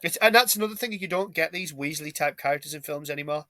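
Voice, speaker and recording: A man's voice: on the high side, quick pace, pushed and bright, no echo. A British man hosting a podcast, talking casually about a film and telling stories with jokey asides. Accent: British English. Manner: chatty storyteller, jokey asides. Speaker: podcast host. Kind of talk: casual film review chat.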